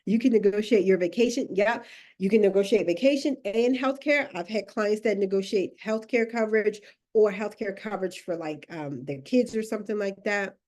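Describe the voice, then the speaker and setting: A woman career coach giving a live online masterclass, animated and emphatic, laughing often as she coaxes her audience along. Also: mid-range voice, moderate pace. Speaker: career and personal branding coach.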